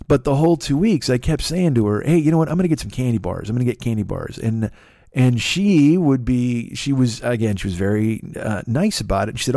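A man's voice: mid-range voice, expressive, fairly quick, a little mellow, no echo, studio quality. A man hosting a podcast who talks through a long confessional monologue, swearing often and rambling with many restarts and self-deprecating asides. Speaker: podcast host.

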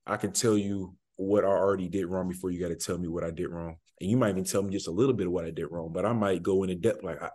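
Young male athlete guest, lowish voice, loose, rambling answers full of "you know.". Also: fast talker, hardly any pauses. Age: young adult. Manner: relaxed, rambling, many fillers and restarts. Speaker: college football player guest. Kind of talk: casual interview answers.

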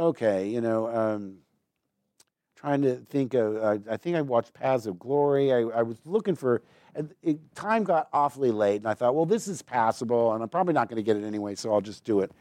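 A man's voice: mid-range voice, warm tone, dry recording, studio quality. A man, a guest actor in a live on-stage conversation, telling rambling, digressive stories and slipping into mimicked accents. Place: stage before a live audience.

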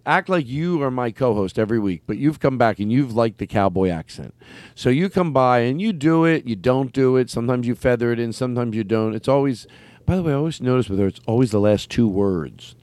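A man's voice: medium pitch, animated, a little fast, darkish tone, no room sound. A man hosting a comedy podcast, talking casually, rambling and circling back to press his point. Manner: rambling, restarts, builds arguments insistently. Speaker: podcast host.

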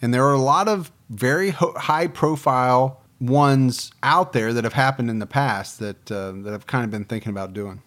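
A man's voice: medium pitch, moderate pace, hardly any pauses, fairly bright tone. A man co-hosting a true crime podcast in casual, teasing chat. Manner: chatty, teasing. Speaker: podcast co-host.

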